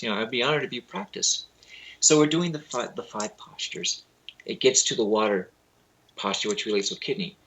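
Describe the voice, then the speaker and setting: A man being interviewed as a spiritual teacher. He tells lively anecdotes in a casual way, acts out the people he quotes, and uses loose grammar. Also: medium pitch, brisk, a little hiss or hum, low-quality recording.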